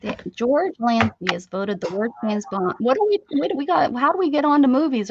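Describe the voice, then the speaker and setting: A woman's voice: fairly high pitch, expressive, moderate pace, hardly any pauses, no room sound. Chatty woman hosting a craft stream. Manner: chatty, jokey, laughs often. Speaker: craft livestream host. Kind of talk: casual chat while opening mail. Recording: dull lo-fi stream audio with faint hiss.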